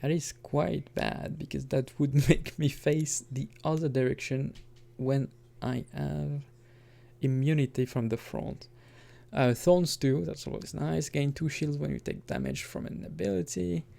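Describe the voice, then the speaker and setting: A man with a voice on the high side, creaky and dark, speaks a little slowly with fairly even intonation. He's a gaming commentator giving a laid-back let's-play, rambling, correcting himself, and tossing in chuckling comments.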